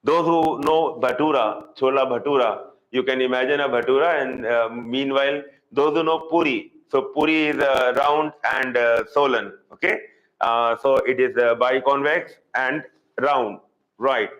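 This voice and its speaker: A man with an Indian English accent teaching a live online zoology class, repeating key terms slowly for students. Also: mid-range voice, fairly bright tone, rough recording.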